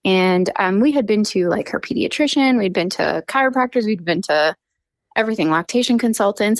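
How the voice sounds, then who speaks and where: A woman's voice: mid-range voice, brisk, dry recording. A woman in her thirties, a dentist guest on a podcast, telling a personal story in casual conversation and acting out what others said. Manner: chatty storytelling with lively acted quotes.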